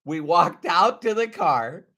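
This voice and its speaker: Slow-talking high-voiced man, emphatic. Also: animated, pushed and bright. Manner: earnest, emphatic, repeats key phrases. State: choked up with emotion. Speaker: sales trainer. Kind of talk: motivational talk to camera.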